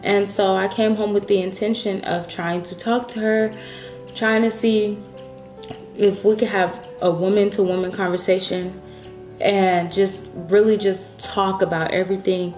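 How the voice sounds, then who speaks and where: A woman's voice: mid-range voice, fairly even intonation, measured pace, darkish tone. A woman vlogger vents to her audience at home, upset and close to tears. She rambles, restarts her sentences and swears as her feelings spill out. Her voice bounces around a roomy space, with faint music underneath. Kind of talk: casual vlog monologue. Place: at home, indoors.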